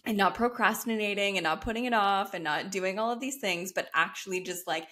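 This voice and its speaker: A woman speaks as a guest on a podcast, in the thoughtful way a coach talks. Her voice has a middle pitch. She sounds encouraging and reflective, and she laughs easily as the chat goes on. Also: a little fast, bright, forceful tone. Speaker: guest, brand strategist and coach. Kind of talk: casual interview chat.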